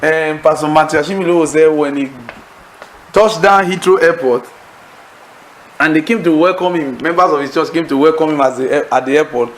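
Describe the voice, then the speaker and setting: A man preaching to a Bible study class, telling stories in an animated way, acting out laughter and asking the audience leading questions. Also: a little high, normal speed, rough recording. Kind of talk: sermon-style teaching to a congregation.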